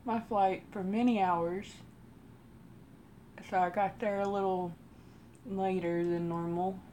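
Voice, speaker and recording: A woman with a Texas accent telling a personal story in a slow, rambling way while doing her makeup on a live stream. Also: medium pitch, steady tone, mellow, a little hiss or hum. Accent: Texan. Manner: slow rambling delivery with many pauses. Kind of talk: casual storytelling during a makeup routine.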